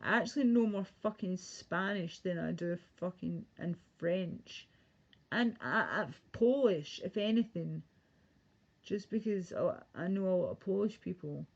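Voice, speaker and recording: With a gravelly, lowish voice and an unhurried delivery, a British woman rambles through a casual, sweary livestream rant. The sound is muffled and lo-fi.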